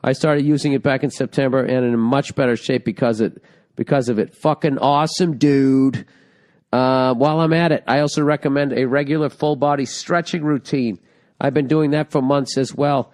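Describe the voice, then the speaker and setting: A man's voice: mid-range voice, steady tone, normal speed, a little mellow. A man hosting a casual comedy podcast, joking crudely and reading out listener emails, with a sore throat. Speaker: podcast host.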